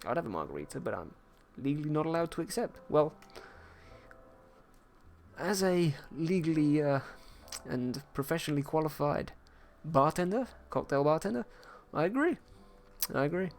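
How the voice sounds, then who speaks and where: A man's voice: fairly high pitch, sing-song, moderate pace, creaky. A man chatting casually with his viewers on a livestream while he paints, playful and jokey as he reads the chat aloud. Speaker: livestreaming artist.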